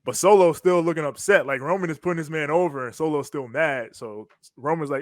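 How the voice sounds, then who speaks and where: A man's voice: on the high side, brisk, no room sound, studio quality. A man co-hosting a podcast, animatedly recapping wrestling in casual slang and acting out quotes. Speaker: podcast co-host.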